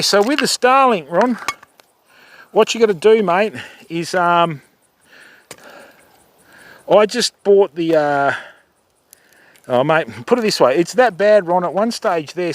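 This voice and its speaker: An Australian man in middle age talks easily while he fishes outdoors, his voice sitting a little high for a man. He chats with his viewers as he casts, answering them by name and calling them mate. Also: slight background noise. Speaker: fishing livestream host. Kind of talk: casual livestream chat while fishing. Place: outdoors by the water.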